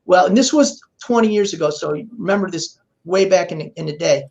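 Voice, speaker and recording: A man as a podcast guest, explaining in a relaxed way and telling a long story in which he acts out the voices of the people he quotes. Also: sits high, a little fast, creaky, muffled recording. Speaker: guest expert.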